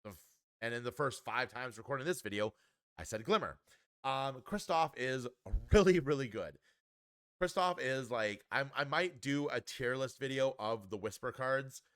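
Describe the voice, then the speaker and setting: An upbeat man talks through a card game review in a relaxed, chatty way, often pausing on an um or restarting a phrase. His voice sits in an ordinary middle pitch for a man. The sound is dry and close, with no room around it. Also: no echo. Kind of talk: casual spoken card review.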